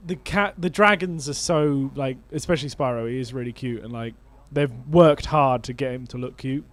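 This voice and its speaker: A man's voice: medium pitch, moderate pace. A man co-hosting a game channel, musing casually as he plays. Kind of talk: casual chat while playing.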